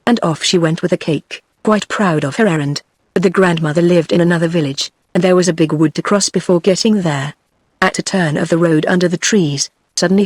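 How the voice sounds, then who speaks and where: A woman's voice: lowish voice, fairly quick, dry recording. British synthetic woman's narration voice. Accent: British English. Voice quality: even, mechanical text-to-speech delivery.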